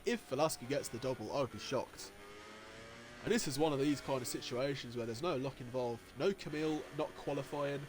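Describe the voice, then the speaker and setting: A man giving live commentary on an online motorcycle race, getting excitable and jumping high at the overtakes, with race engine noise behind him. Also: fairly quick. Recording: noisy with engine sounds behind. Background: racing game engine noise.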